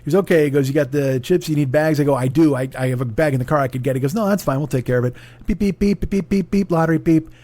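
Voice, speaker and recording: Profane, animated male comedian storyteller. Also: on the high side, very fast, few pauses, dry recording. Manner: animated, acts out both sides of the exchange in raised voices. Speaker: comedian podcast host.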